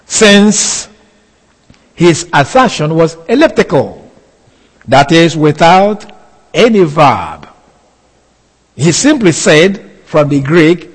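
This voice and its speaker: A man preaching an expository sermon, speaking deliberately and repeating key phrases for emphasis. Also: a little high, slightly rough. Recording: reverberant hall sound.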